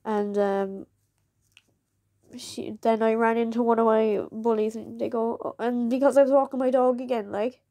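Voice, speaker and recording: A woman's voice: fairly high pitch, flat delivery, moderate pace, mellow, no echo. Chatty woman telling her story. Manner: candid, chatty, frequent laughter. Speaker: vlogger. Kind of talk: personal storytelling.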